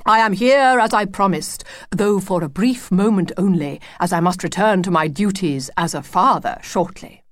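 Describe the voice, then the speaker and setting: A woman voicing a proud, excitable male wolf who has just become a father, talking in a grand, formal way. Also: mid-range voice, moderate pace, hardly any pauses, dry recording, voice pushed up, natural voice.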